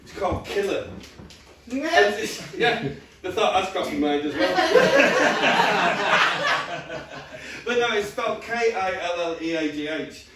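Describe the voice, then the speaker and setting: A young man performing a stand-up comedy set, telling stories in a lively way and often laughing along. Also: high-pitched, takes it slowly, pauses often. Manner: lively storytelling with frequent laughter. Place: comedy venue with live audience. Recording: roomy stage audio from far off, crowd behind.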